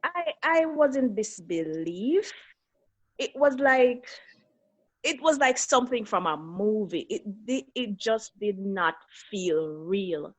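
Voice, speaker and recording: A middle-aged woman speaks in earnest as she recounts a painful family loss. Her pitch sits mid-range for a woman, and she relives each moment, taking on the voices of the people in it. She sounds like a guest on a talk show. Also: animated, slow pace. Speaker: guest, bereaved mother. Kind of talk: emotional personal storytelling.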